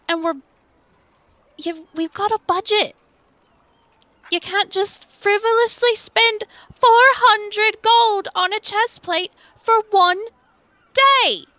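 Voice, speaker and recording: A woman voicing a small, feisty, squeaky-voiced character who scolds bossily in a tabletop role-play. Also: fairly bright tone, dry recording. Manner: scolding, bossy.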